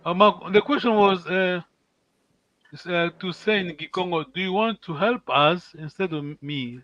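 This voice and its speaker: Patient male language teacher, slightly high voice. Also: a bit bright, dull audio. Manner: patient, encouraging, models words slowly. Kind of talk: online language lesson. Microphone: video call.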